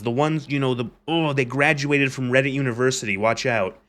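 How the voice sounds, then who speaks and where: Male streamer, mid-pitch, ranting and swearing through gameplay commentary, loose and rambling. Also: normal speed, hardly any pauses, fairly bright tone. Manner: ranting, profane, rambling with restarts. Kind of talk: casual live gameplay commentary.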